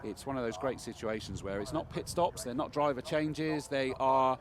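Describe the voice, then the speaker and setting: A man's voice: medium pitch, moderate pace. A man with a Bristolian accent co-commentating on club racing, chatting easily and recalling drivers' past cars. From southwest England. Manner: chatty, recalls drivers' history, asks his partner questions. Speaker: motorsport co-commentator. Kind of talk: live race commentary.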